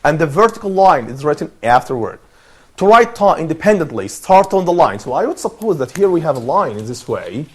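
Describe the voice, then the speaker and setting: A man hosting a television language lesson, walking through how each sound is made. He speaks in a somewhat high voice and takes his time, repeating each sound so the panel can echo it. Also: big pitch swings, brisk, breathy edge. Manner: patient, explains step by step, repeats sounds for students to echo. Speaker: TV presenter and Arabic teacher. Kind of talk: teaching pronunciation on a TV panel.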